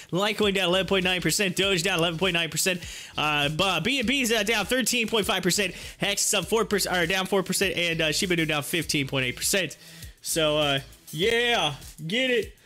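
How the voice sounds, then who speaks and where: High-voiced man, excitable stream host, bright tone, music behind. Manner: excitable, laughs often, hypes the crowd. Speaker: livestream host. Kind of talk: casual live stock-trading stream chat.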